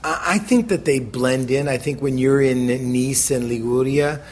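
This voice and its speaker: A middle-aged American man, a chef as interview guest, telling animated stories and acting out the people he quotes. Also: medium pitch, slight background noise. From United States. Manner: animated, acts out quoted voices, quick bursts. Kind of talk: conversational storytelling.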